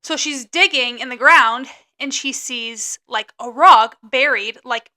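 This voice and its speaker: High bright young woman, laid-back. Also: unhurried. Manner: laid-back, many fillers like "like" and "um". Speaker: podcast co-host. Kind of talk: casual chat, storytelling. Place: indoors, filming on a phone.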